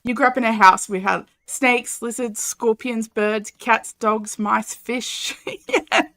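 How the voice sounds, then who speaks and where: A woman's voice: on the high side, fairly even intonation, slow pace, fairly bright tone. A young Australian woman chatting casually and animatedly while streaming a game, reading chat and laughing often.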